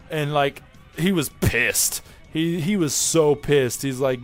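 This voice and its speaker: Excitable rambling male anime reviewer. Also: a little high, unhurried, soft background music. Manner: rambling and excitable, restarts and corrects himself. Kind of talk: casual spoken episode review.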